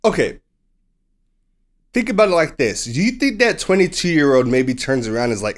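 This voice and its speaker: Animated man telling a story. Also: a little high, moderate pace, long pauses. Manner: animated storytelling, acts out quoted people. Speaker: podcast co-host. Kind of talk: casual sports podcast chat.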